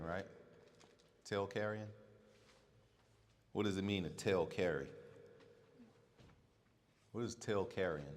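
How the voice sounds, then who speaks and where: Low-pitched male teacher giving a relaxed class, stressing points twice, recorded in an echoing hall. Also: a little hiss or hum. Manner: repeats points for emphasis and quizzes the audience. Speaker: religious teacher. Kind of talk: casual classroom lesson. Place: mosque or community center hall. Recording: long hall reverb.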